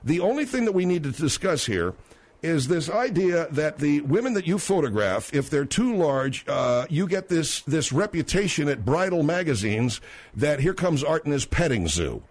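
A man's voice: a little high, very animated, moderate pace. A man hosting a radio talk show, badgering and sarcastic with his guest.

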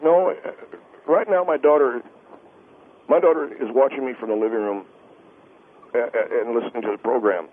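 A man's voice: medium pitch, normal speed, long pauses, a little hiss or hum, close to an everyday voice. A man playing a flustered, anxious father who stammers and hesitates as a call-in radio guest. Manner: stammering, hesitant, many uh's. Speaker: guest on phone. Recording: tinny phone line.

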